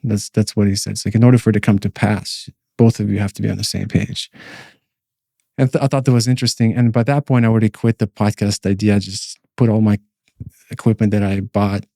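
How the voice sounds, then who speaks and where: A man's voice: lowish voice, steady tone, a little fast, gravelly, warm tone, dry recording, studio quality. A man co-hosting a podcast, recounting a personal dream as a testimony in a rambling way, full of fillers and restarts. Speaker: podcast co-host.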